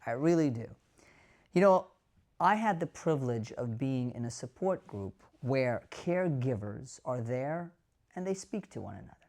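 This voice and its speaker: A man's voice: mid-range voice, lively intonation, moderate pace, a little mellow. A man, a physician, telling an emotional story straight to camera in an earnest way, often asking the viewers questions. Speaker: dementia care physician.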